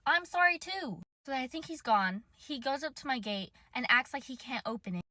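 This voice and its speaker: A young woman telling a casual storytime, recounting it in an animated, dramatic way. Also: sits high, moderate pace, no echo, clean studio sound.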